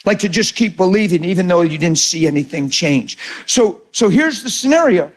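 A man preaching as a pastor, teaching about prayer with earnest, animated storytelling. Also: sits high, normal speed.

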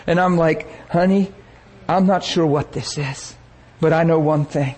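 A man preaching a sermon, telling a story with lively energy and acting out the people he quotes. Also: a little high, measured pace, hardly any pauses, slight background noise, poor audio.

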